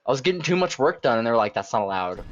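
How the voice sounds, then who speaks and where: A man's voice: medium pitch, animated, quick pace, a bit bright, dull audio, a little hiss or hum. A young man telling casual, profanity-laced stories while gaming with friends. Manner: laid-back, profane storytelling. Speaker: streamer playing with friends.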